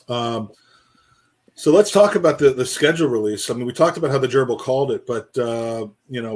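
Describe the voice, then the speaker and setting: Husky man chatting football. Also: medium pitch. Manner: rambling, repeats words, animated. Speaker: podcast co-host. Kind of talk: casual football chat.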